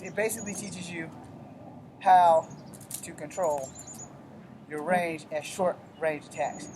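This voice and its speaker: Against background noise, a mid-range voice leads a casual weapons demonstration. The instructor is profane and blunt, cursing frequently while taking viewers through the drills one step at a time.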